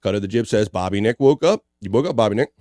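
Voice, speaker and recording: A man hosting a casual live-stream podcast, animated and jokey, reading chat messages aloud. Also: on the low side, fast, no room sound, clean studio sound. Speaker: podcast host.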